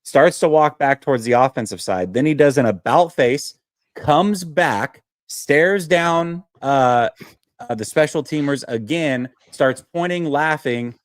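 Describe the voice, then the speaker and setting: A man hosting a casual sports talk show, telling a story with lots of fillers and animated detail. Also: on the high side, measured pace, no room sound, studio quality. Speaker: host.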